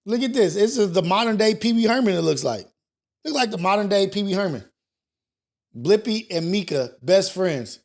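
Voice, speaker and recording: A man hosting a morning talk show, thinking out loud in a loose, profane way with many restarts. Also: high-pitched, animated, normal speed, vocal fry. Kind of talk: casual talk show commentary.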